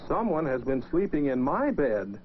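A man's voice: a little high, very animated, normal speed, slight background noise. A man voicing a middle-sized mama bear in a plain, medium storybook voice on a dull record with music behind. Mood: indignant.

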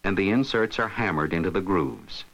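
Man narrating a lively how-to lesson. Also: sits low, moderate pace, low-quality recording. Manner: steady, instructive, step-by-step. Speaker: instructional film narrator. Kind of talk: scripted narration.

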